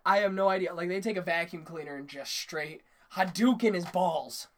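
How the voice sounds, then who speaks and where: A man's voice: high-pitched, normal speed, fairly bright tone. A young man in casual conversation, swearing often, laughing and breaking into impressions. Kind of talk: casual chat.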